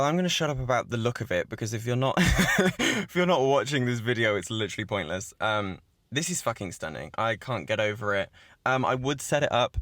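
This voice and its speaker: A man hosting his own podcast in casual chat, gushing and swearing a lot as he gets excited. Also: fairly low pitch, no echo. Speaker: podcast host. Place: cabin in the woods.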